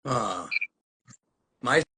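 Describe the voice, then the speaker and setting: A man hosting a podcast, chatting in an excited, slangy way over a video call. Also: medium pitch, very slow, slightly rough. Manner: excited, slangy, calls guest bro. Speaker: podcast host. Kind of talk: casual chat.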